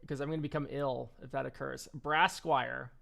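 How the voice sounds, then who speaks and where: A man's voice: mid-range voice, steady tone, moderate pace, creaky, a bit bright. A man streaming a casual card-game deck review, rambling and offhand, swearing and laughing easily.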